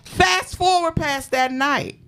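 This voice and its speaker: A woman with a Washington, D.C. accent hosting a podcast, telling a story in loud, profane, animated chat with frequent laughter. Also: high-pitched, takes it slowly. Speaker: podcast host.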